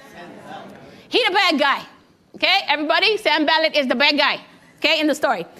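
A woman preaching a sermon to a congregation, lively and engaging them in call-and-response, a little out of breath. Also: sits high. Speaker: guest preacher.

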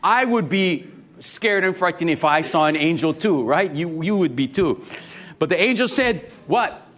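A man preaching a sermon to a congregation, lively and joking, often asking the crowd questions. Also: a little high, moderate pace. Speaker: pastor.

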